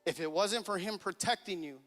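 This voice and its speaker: With a high-pitched, slightly bright voice moving a little fast, a man in his thirties preaches over soft background music. The pastor tells a family story in a chuckling, casual way and acts out the dialogue. His sanctuary audio carries a church hall's long reverb.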